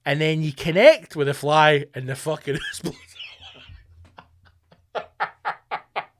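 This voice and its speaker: A man's voice: fairly high pitch, animated, slow, fairly bright tone, slight background noise. A man hosting a podcast, delivering a profane, mocking comedic rant. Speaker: podcast host.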